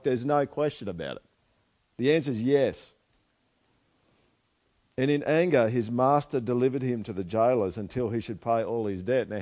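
A man preaching a conversational sermon, asking listeners questions and dropping into quiet asides. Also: mid-range voice. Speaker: pastor.

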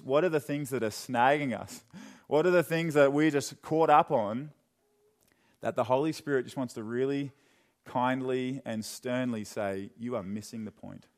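A young man preaching a sermon in a church, chatty and joking, then dropping into quiet, earnest questions. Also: medium pitch. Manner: conversational and joking, with sudden drops to quiet earnestness. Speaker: pastor. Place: church hall.

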